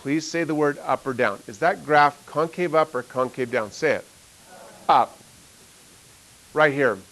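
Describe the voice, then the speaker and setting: A man's voice: a little high, measured pace, fairly bright tone, poor audio. A middle-aged man, a math teacher, telling a story in a classroom, rambling with lots of fillers and frequent laughs. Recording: faint hiss.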